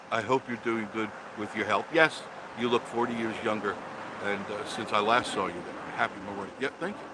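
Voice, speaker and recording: A man's voice: on the low side, fairly even intonation, normal speed, noisy background. An older man hosting a casual live stream outdoors on his phone, greeting viewers by name as he chats. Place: outdoors by a roadside attraction. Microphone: phone held for a live stream.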